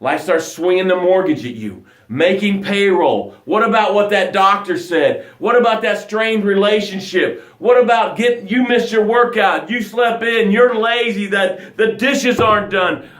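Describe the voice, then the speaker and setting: A man's voice: high voice, a little slow, hardly any pauses. A man coaching viewers on a live motivational broadcast, acting out quoted voices. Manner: animated, acts out quoted voices. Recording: roomy echo.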